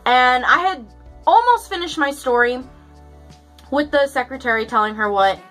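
A woman's voice: sits high, animated, normal speed, a bit bright, soft background music, rough recording. A young woman chatting through a story for her vlog, casual and profane, full of fillers. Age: young adult. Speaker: vlogger.

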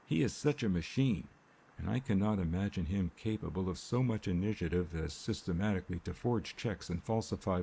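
A man voicing a composed young man calmly defending himself in an audiobook, measured and polite. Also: sits low, vocal fry, slight background noise. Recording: faint rain ambience behind.

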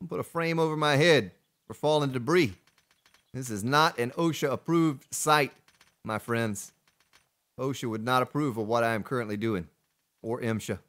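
A man's voice: medium pitch, moderate pace, long pauses, a bit bright. A male streamer giving playful live gameplay commentary, joking with his chat and thanking donors. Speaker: game streamer.

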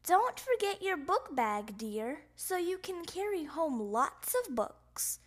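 A woman's voice: very high-pitched, sing-song, takes it slowly, voice pushed up, heavily acted. A woman voicing a patient mother in a children's story, speaking in a sweet, coaxing tone.

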